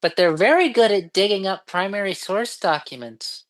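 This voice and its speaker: A woman chatting casually as a co-host, with dry, deadpan humor and stumbling restarts. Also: medium pitch, normal speed, poor audio. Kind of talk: casual chat.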